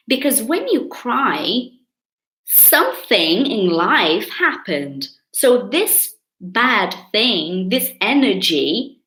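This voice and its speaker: Animated Brazilian woman teaching English. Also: mid-range voice, slow, reverberant, rough recording. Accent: Brazilian Portuguese. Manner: animated, stretches key words, chatty with viewers. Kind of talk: live online English lesson.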